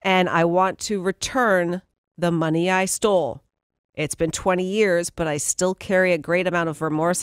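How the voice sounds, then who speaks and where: Woman doing the news bits on morning radio, dry studio sound, soft music under. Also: fairly low pitch, fairly even intonation, normal speed, smooth, no room sound. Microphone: studio mic.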